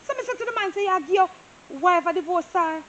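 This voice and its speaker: A woman's voice: very high voice, quick pace, muffled recording. A woman playing a nosy, gossipy Jamaican surveyor. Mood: gossiping. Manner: gossipy, animated Patois storytelling. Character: nosy, chatty young female property surveyor. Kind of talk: Jamaican stage-style movie acting.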